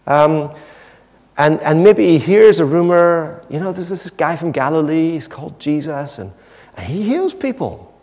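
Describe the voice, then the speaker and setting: Animated preacher in a reverberant hall. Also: male voice, a little high, a little slow. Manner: animated storytelling, acting out the scene. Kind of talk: sermon.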